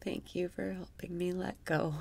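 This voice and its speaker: A woman guiding a meditation, speaking softly and often slipping into a whisper, with wry, self-mocking laughter. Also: fairly low pitch, flat delivery, moderate pace, gravelly, husky. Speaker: meditation guide. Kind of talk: guided meditation.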